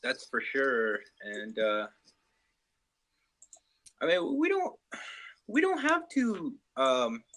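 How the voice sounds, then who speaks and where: A man's voice: mid-range voice, huge pitch swings, very slow, pauses often, a bit bright, poor audio. A man with a Canadian accent in casual video-call chat, hesitant and chatty with many restarts.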